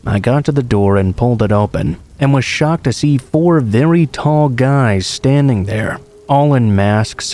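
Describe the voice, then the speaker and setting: Mellow-voiced man narrating a horror story. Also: medium pitch. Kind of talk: scripted narration.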